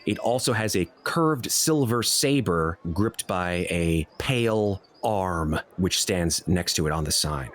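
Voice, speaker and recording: A man narrating a tabletop game as dungeon master, telling the scene in an expressive, descriptive way. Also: deep voice, takes it slowly, few pauses.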